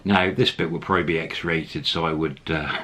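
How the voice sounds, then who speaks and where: Brief: a man with a low, husky voice, rambling through a casual anecdote. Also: fairly even intonation, moderate pace, sharp tone. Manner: rambling, with fillers and laughs. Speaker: storyteller. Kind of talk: casual storytelling.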